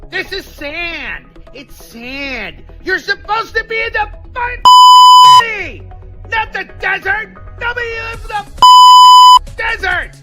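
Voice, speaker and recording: A man voicing a furious, screaming comedian as a GPS in a spoof commercial, yelling insults at the driver. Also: very high voice, big pitch swings, slow, over loud music, voice pushed up, exaggerated voice.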